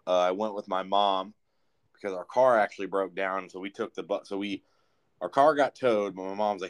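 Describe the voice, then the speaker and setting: A young man co-hosting a casual talk show, telling a rambling, profane story in an animated way. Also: deep voice, a little fast. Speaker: podcast co-host.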